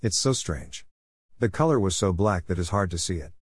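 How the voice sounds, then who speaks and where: A man's voice: deep voice, expressive, moderate pace, husky, no echo, studio quality. A man voicing a confused, groggy young woman who has just died, talking in a bewildered, protesting way.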